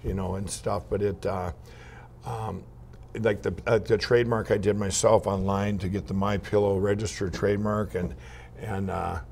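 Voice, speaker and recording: A man from Minnesota, a guest in an interview, telling rambling, animated anecdotes full of restarts and laughs. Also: lowish voice, normal speed, gravelly, a little hiss or hum. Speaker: guest entrepreneur. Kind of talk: casual interview storytelling.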